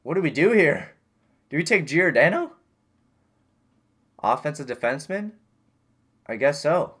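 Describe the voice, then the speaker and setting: A young man casually commentating his own video game season, getting loud when excited and muttering when disappointed. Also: fairly high pitch, a little slow, slightly rough. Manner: excitable, swings between yelling and muttering. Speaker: gaming YouTuber.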